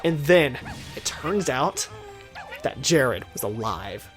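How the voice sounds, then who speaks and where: A man co-hosting a gaming video, improvising a rambling comic story in a deadpan way. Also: medium pitch, takes it slowly, faint music behind. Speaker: co-host of a gaming channel. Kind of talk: casual improvised comic storytelling over gameplay.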